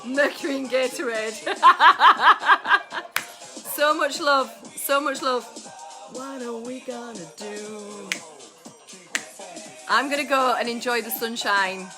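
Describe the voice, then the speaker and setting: A woman's voice: on the high side, unhurried. A woman hosting a casual live stream with viewers, exuberant and swearing freely as she chats. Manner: exuberant, swears freely, sings along to music. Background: music playing.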